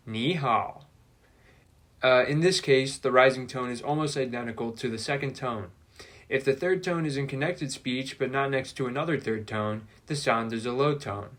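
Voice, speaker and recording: A man presenting a scripted language lesson, speaking in a clear, deliberate teaching manner with dry jokes. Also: mid-range voice, fairly bright tone. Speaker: language-learning video presenter.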